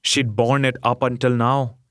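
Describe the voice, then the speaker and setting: Male narrator, steady mid pitch, very unhurried, gentle, dry booth sound. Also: dry recording. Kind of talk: scripted story reading.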